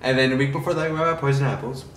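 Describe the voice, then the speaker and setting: A man's voice: medium pitch, steady tone, very fast, a bit bright, recorded from a distance. A tipsy man with a mid-range voice talks through a movie review, chatty and profane. He sits back from the microphone in an echoing room. A faint background hiss runs beneath his voice. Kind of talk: casual drunken movie review chat.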